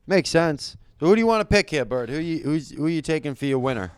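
Smooth-voiced easygoing man co-host. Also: a little high, lively intonation, quick pace, dry recording. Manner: easygoing, steers the segments. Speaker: podcast co-host. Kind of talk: casual sports chat.

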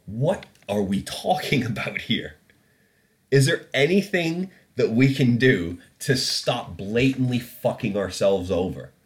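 A man's voice: medium pitch, animated, a little slow. A man hosting a podcast in a studio, ranting about the news in casual, profane, opinionated commentary. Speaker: podcast host.

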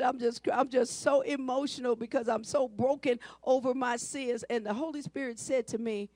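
A woman pastor preaching a sermon, swinging between hushed asides and shouted lines. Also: high-pitched, moderate pace, hardly any pauses, no room sound. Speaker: senior pastor.

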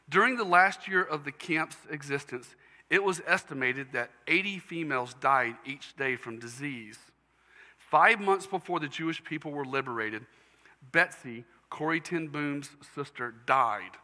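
Bright-voiced male preacher in a reverberant hall. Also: mid-range voice. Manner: earnest storytelling preacher, emotional at times. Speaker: pastor. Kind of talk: sermon.

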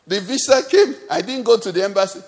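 High-voiced Nigerian pastor preaching. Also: male voice, quick pace, gravelly. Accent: Nigerian English. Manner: preaching with rising exhortation, repeated refrains. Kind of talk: sermon. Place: church service.

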